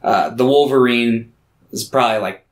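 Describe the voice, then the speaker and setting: Speaking at normal speed in a mid-range voice, a man co-hosts a relaxed podcast, wandering through conversation with plenty of fillers and casual cursing.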